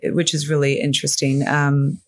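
A middle-aged woman talking as a podcast guest, in a halting way full of "you know" fillers. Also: sits low, level tone. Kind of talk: conversational interview.

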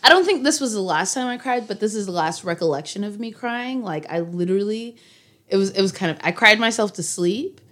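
A woman's voice: medium pitch, animated, brisk, fairly bright tone. Candid, laughing young woman. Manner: candid, laughs often, jokes about herself. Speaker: podcast co-host. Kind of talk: casual chat.

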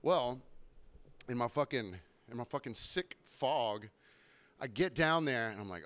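Brief: young male podcast host, mid pitch, smooth tone, profane and self-mocking, slightly under the weather. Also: animated, unhurried, fairly bright tone. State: recovering from illness, throat clearing. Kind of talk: casual storytelling monologue.

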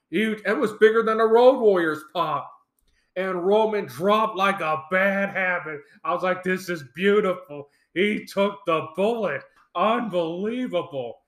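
A man hosts a casual wrestling recap show, telling the story in an excitable, animated way. His voice sits high for a man. The recording carries a noticeable room echo. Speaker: podcast host. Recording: roomy echo.

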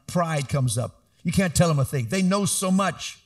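Middle-aged male pastor, animated sermon delivery, slightly high voice with lively swings. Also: normal speed, hardly any pauses. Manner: animated preaching, rising to emphatic calls.

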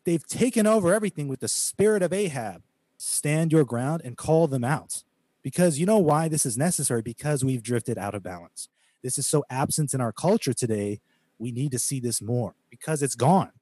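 A man from the United States co-hosting a podcast, talking emphatically in a preachy way. His voice is dark and mellow, and the recording is dry and close. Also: medium pitch, animated, moderate pace, no room sound. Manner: emphatic, preachy, quotes scripture, mocks critics in quoted voices. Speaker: podcast co-host. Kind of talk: casual podcast talk, preaching tone.

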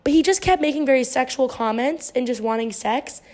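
A woman's voice: high-pitched, fairly quick, darkish tone. A woman in her twenties, a podcast host telling a story in casual chat, rambling and swearing freely. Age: 20s. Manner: profane, rambling, heavy use of "like".

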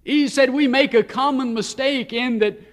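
A man preaching a sermon, telling stories and shifting between slow, weighty phrases and quick asides. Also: extremely high pitch.

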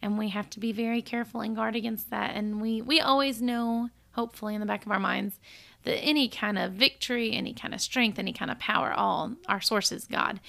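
A woman's voice: mid-range voice, a little fast, creaky. A woman co-hosting a casual Bible study podcast, reading scripture aloud and talking it through. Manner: reads scripture aloud, animated when quoting. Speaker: podcast co-host.

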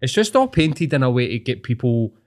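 A young man with a Scottish accent talks in a blunt, opinionated way, swearing as he goes. His voice sits at an ordinary middle pitch, and the tone is relaxed, casual chat. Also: a little fast.

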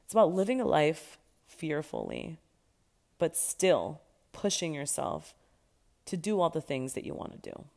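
A young woman with a slightly low voice tells her own story as a podcast host. She talks candidly and emphatically and swears freely, and she keeps coming back to the same point to drive it home. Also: huge pitch swings, a little slow, gravelly, a little mellow. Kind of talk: personal storytelling monologue.

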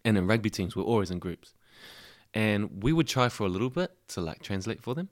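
A young New Zealander guesting on a casual podcast tells laid-back stories, calling his host "bro" over and over. His fairly low voice has lively intonation and a fairly quick pace.

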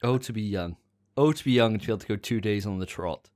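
A man's voice: lowish voice, fast talker, a little mellow. A man co-hosting a gaming podcast, chatting casually with dry, self-mocking banter. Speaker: podcast co-host. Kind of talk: casual chat.

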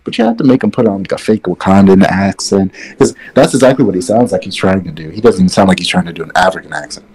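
A man's voice: low-pitched, fast, few pauses, darkish tone. A man co-hosting a casual wrestling chat podcast, rambling and opinionated, speaking from a distance away from his microphone. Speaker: podcast co-host. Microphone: far from his mic.

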